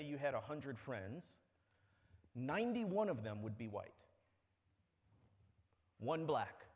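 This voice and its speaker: A man giving a public talk, telling stories in a conversational, wry way. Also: medium pitch. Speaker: speaker. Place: lecture hall. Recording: long hall reverb.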